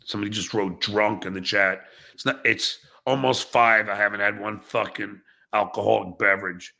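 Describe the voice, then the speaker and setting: A man hosting a livestreamed podcast who rants angrily at chat commenters, swearing and breaking into shouts, then reads viewer messages aloud and mocks them. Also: fairly low pitch, normal speed, gravelly, few pauses. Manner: angry, profane, bursts into shouting; reads viewer chats aloud with mocking replies. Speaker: podcast host.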